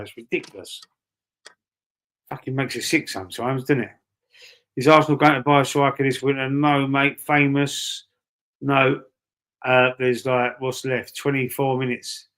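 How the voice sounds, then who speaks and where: A Cockney man hosts a live stream, reading viewer comments and answering in a loose, rambling, matey way. He repeats words as he thinks aloud, at a middling pitch for a man. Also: steady tone, a little slow, a bit bright. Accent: London Cockney. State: breathy asthma-wheezy at times. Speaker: livestream host.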